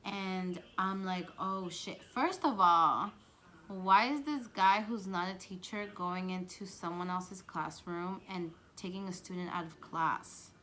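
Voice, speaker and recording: A young woman tells a storytime vlog in a lively, chatty way, peppering her talk with "like." Her voice is bright and sharp, a little low in pitch. Faint ambient noise sits behind her. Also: measured pace, few pauses. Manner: animated, chatty storytelling with many "like"s. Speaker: vlogger.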